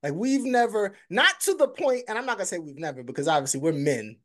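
A young man co-hosts a podcast, teasing his friend and ribbing him in casual back-and-forth. His pitch swings widely as he talks, lively and animated. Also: quick pace. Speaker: podcast co-host.

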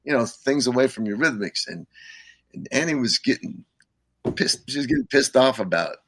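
An older man, a musician guest, telling rambling stories in casual talk, full of "you know" and quick laughs. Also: mid-range voice, animated, a bit bright, dry recording. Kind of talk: casual storytelling.

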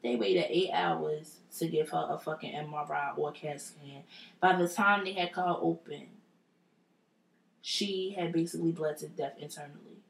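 A woman's voice: sits low, steady tone, normal speed, vocal fry. A woman telling a personal story in a blunt, profane and emphatic casual way. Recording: roomy echo.

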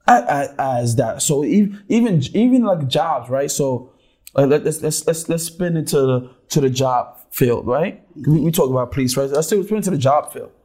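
A man's voice: medium pitch, moderate pace. A man hosting a casual chat, telling stories animatedly and doubling up words as he gets going. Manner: animated storyteller, repeats words when excited.

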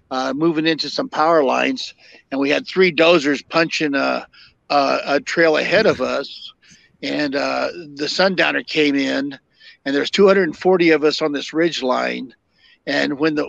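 An older man, a podcast guest and former fire captain, telling long stories in a halting way with many fillers and restarts. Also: a little high, vocal fry, a bit bright, no room sound. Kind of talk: storytelling interview. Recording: dull lo-fi dry sound.

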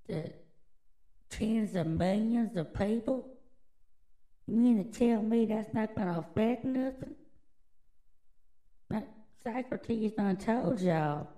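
A woman's voice: medium pitch, mellow, poor audio. A woman hosting a podcast alone, delivering a crude, rambling, mock-conspiratorial monologue full of swearing. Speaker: podcast host.

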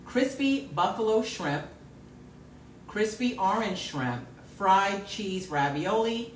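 Animated woman host in a roomy echo. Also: mid-range voice, takes it slowly, far from the mic, a little hiss or hum. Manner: animated, loud at times, laughs often. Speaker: podcast host. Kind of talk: casual live-stream chat.

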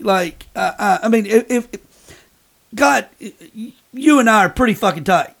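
A man's voice: sits high, animated, moderate pace, creaky, fairly bright tone. Blunt, swearing male podcast host. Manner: profane, blunt ranting. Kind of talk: casual chat.

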